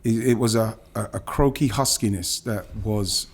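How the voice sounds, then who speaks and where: Speaking at a normal speed in a slightly rough, lowish voice, a middle-aged English ex-footballer tells an emotional story about himself during a podcast interview. He's animated, swears, and stumbles over restarts when feelings rise.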